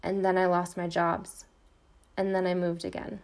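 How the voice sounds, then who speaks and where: A woman's voice: on the low side, little pitch movement, moderate pace. A middle-aged woman hosting a podcast, delivering an intense, defiant personal monologue with repeated refrains. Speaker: podcast host. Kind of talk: personal monologue, read from a script.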